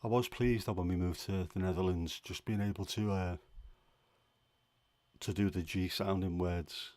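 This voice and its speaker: A man from England hosting a casual livestream chat, answering viewers' questions in a relaxed, chatty way. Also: low voice, moderate pace, no echo. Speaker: livestream host.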